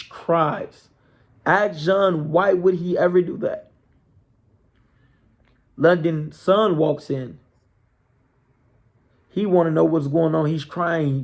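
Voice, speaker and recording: A man's voice: fairly high pitch, creaky, darkish tone. A man telling a story in a casual, conversational way, checking in with his listeners as he goes.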